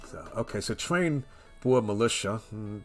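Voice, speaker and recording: A man's voice: lowish voice, expressive, normal speed. A man casually chatting through a game walkthrough, rambling with frequent restarts. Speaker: gameplay commentator. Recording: voice over game music.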